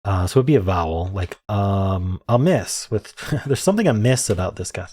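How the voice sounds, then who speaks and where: A man thinking aloud as he solves daily word puzzles, hesitant and muttering, with frequent ums and quiet self-amused asides. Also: deep voice, lively intonation, moderate pace, slightly rough. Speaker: word game streamer.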